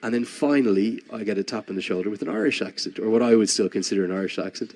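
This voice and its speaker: A man's voice: on the low side, racing, few pauses, a little mellow. A man commentating live on a cricket match while telling a long, rambling anecdote, with frequent restarts.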